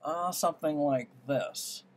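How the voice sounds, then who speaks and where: A man's voice: fairly high pitch, a little slow. A man teaching music theory, trying out ideas aloud and musing as he works through them. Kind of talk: thinking-aloud music lesson. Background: piano playing.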